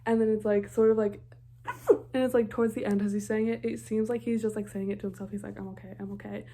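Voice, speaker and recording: A woman's voice: on the high side, level tone, quick pace, mellow. A young adult woman giving casual reaction commentary on a TV episode, gushing and filling her talk with "like". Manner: gushing, heavy on filler "like". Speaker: TV reaction vlogger.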